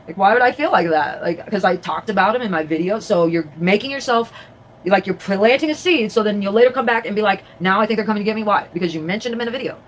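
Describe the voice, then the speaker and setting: A woman's voice: mid-range voice, lively intonation, fast, a little hiss or hum, poor audio. A woman vlogging casually from her home, chatting in a rambling way with many fillers and restarts. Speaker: vlogger and crafter. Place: at home, indoors.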